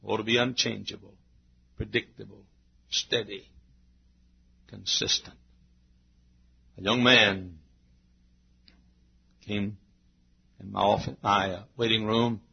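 A man preaching a sermon to his church, repeating phrases and rising into shouted climaxes. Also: lowish voice, little pitch movement, takes it slowly, vocal fry, long pauses, breathy edge. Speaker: pastor. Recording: dull lo-fi sermon recording.

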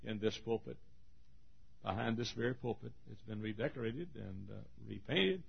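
A male pastor preaching a sermon in a church, with rhythmic repeated refrains that swing from loud calls to hushed asides. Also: on the low side, moderate pace, vocal fry, breathy edge, dull audio. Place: church auditorium.

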